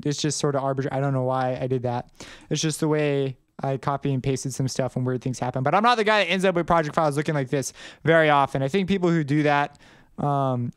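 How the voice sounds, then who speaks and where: A man's voice: fairly high pitch, clear, resonant tone, no room sound, studio quality. A man producer talking casually through a tutorial, rambling and correcting himself as he goes. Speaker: music producer teaching track production.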